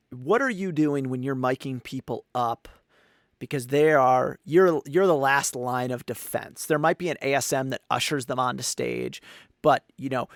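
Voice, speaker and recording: A man's voice: mid-range voice, dry recording, clean studio sound. A man hosting an interview podcast, asking questions and affirming his guest encouragingly. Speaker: podcast host.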